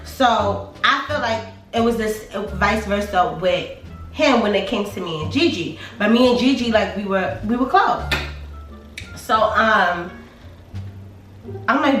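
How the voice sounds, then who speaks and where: A woman's voice: medium pitch, slow pace, recorded from a distance. A young woman casually telling a storytime vlog, retelling friends' conversations with lots of fillers. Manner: chatty, animated retelling with quoted dialogue and fillers. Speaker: storytime vlogger. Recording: echoey room, voice a bit off-mic, faint music.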